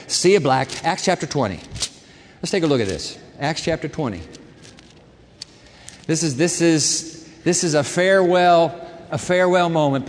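A man preaching a sermon as a pastor, emphatic, repeating words and swinging between quiet and loud passages. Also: a little high. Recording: long hall reverb.

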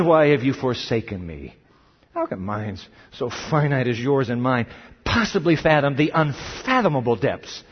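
A man preaching a sermon, swinging dramatically between loud cries and hushed questions. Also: on the high side, slightly rough. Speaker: pastor. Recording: long hall reverb, dull lo-fi sound.

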